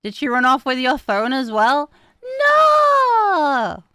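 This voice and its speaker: A woman's voice: high voice, moderate pace, background noise. A young woman streaming, chatting casually with her viewers, giggling often and swearing freely. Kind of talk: casual chat.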